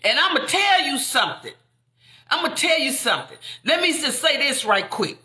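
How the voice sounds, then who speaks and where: A woman preaching fervently, repeating lines and building up to shouts. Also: high-pitched, very animated, moderate pace, reverberant. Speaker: inspirational speaker. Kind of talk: impassioned preaching.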